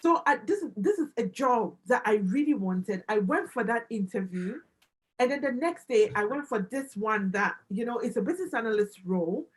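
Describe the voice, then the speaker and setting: Woman guest on a livestream, fairly high voice, emphatic, repeats herself, excited testimony. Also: normal speed, poor audio. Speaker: guest, business analyst and immigration adviser.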